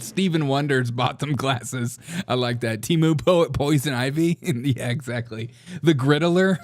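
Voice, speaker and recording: A man's voice: mid-range voice, normal speed, darkish tone. A young man hosts a casual political comedy talk show, his voice sitting in an ordinary middle range. He is chatty and mocking, breaking into laughter often as he riffs. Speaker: host.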